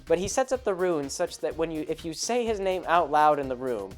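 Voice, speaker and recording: A man's voice: a little high, big pitch swings, brisk, soft background music. A man hosting a podcast, telling a tabletop game story in a casual, rambling way, often breaking off and laughing. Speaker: podcast host.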